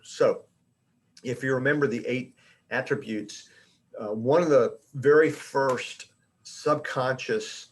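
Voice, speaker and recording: A middle-aged man with a mid-range voice presenting to his industry colleagues. He talks loosely and conversationally, often pausing on fillers and restarting his sentences. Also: medium pitch. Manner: addresses colleagues directly. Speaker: industry education director giving a talk. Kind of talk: informal presentation.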